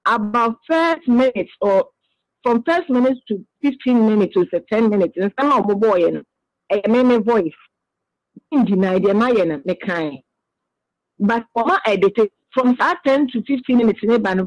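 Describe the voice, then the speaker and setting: A woman's voice: fairly high pitch, normal speed, no room sound. Interviewee, woman, earnest and explanatory, dry lo-fi radio sound.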